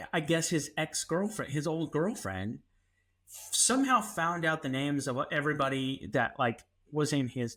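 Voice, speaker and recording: A man, co-hosting a podcast and telling a story in an animated way, acting out what people said. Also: a little high. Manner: animated, acts out quotes, many restarts. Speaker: podcast co-host. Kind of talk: casual storytelling.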